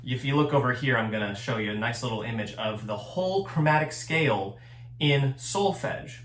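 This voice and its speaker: A man's voice: mid-range voice, lively intonation, moderate pace, a bit bright, echoey room, slight background noise. A man teaching a recorded choir lesson, explaining things patiently and step by step. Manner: patient, step-by-step instruction with sung examples.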